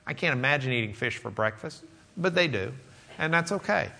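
A man's voice: medium pitch, expressive, fairly quick, gravelly, sharp tone. A man preaching a teaching sermon in a loose, conversational way, with plenty of fillers and asides to the congregation. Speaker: pastor.

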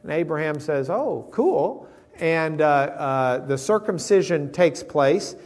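Man, somewhat high pitch, casual Bible lesson, humorous, acts out quotes, conversational. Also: unhurried. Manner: conversational with fillers. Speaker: Bible teacher.

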